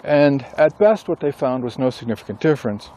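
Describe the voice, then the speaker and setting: Mellow-voiced man musing aloud. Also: mid-range voice, lively intonation. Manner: musing, thinks aloud with pauses and self-corrections. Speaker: author and instructor. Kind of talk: casual rambling monologue.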